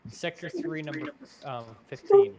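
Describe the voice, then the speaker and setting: A man running a tabletop game as game master, hesitant, with many pauses. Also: a little high, wildly swooping pitch, mellow. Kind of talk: casual tabletop game chat.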